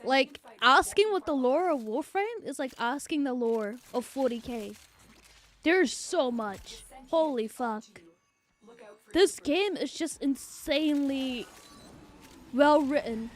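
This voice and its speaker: A young woman streamer chats casually from a home setup. She talks in a high, bright register, unhurried between her excitable bursts. Her talk is loose, profane and full of laughter. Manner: excitable, swearing, laughing often.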